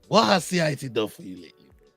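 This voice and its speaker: A man's voice: on the high side, big pitch swings, fast, gravelly, fairly bright tone, no room sound, soft background music. A man hosting a casual MMA podcast who teases and needles his co-hosts, pressing them with questions. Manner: teasing, needling, laughs at others. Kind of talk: casual sports banter.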